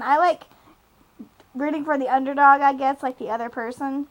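Young woman, high voice, rambling podcast chat, lots of fillers. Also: moderate pace, poor audio. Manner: rambling, giggly, many fillers. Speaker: podcast co-host. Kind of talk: casual chat recapping a TV episode.

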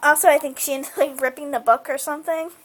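A woman's voice: high-pitched, steady tone, fast talker. A woman casually recapping a TV episode, chatty and full of fillers like "like" and "um". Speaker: show recapper.

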